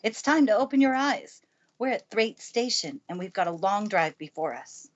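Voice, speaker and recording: Woman putting on a brisk stern housekeeper. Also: mid-range voice, expressive, muffled recording, pitched above the performer's own voice, lightly acted.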